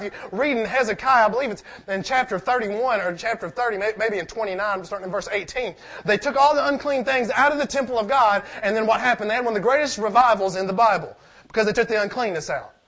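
A man's voice: high voice, a bit bright. A man preaching a sermon, reading scripture aloud and asking the congregation questions in a conversational way.

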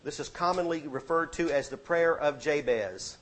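Middle-aged preacher, man, higher voice, punchy sermon delivery with booming and hushed swings. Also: moderate pace, slight background noise. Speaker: pastor.

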